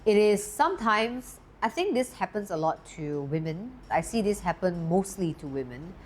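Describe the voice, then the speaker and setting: A woman coaching on confidence in a steady, emphatic teaching talk, lifting her voice on key words. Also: mid-range voice, normal speed, a little hiss or hum. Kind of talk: talking-head teaching talk.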